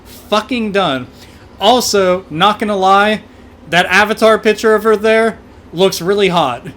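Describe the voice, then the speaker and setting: A man giving profane, excitable, joking commentary while livestreaming a game. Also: sits high, a little slow. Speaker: streamer playing a game.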